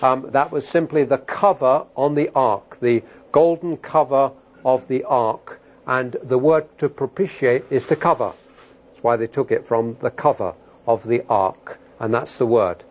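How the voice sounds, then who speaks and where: A middle-aged man preaching a sermon, talking emphatically and building to loud, animated outbursts. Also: mid-range voice, measured pace. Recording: dull lo-fi sermon recording.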